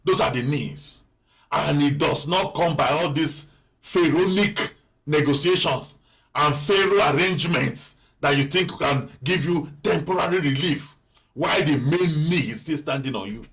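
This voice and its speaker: Male pastor, fairly high voice, fervent repetitive sermon delivery, rising to shouted prayer. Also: unhurried. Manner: preaching with repetition, building to impassioned prayer.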